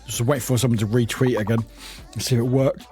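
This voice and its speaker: A man from the UK chatting casually with viewers on a live stream as he plays a word game, upbeat and quick to greet people. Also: medium pitch, flat delivery, a little mellow, faint music behind. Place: home room with a cat nearby.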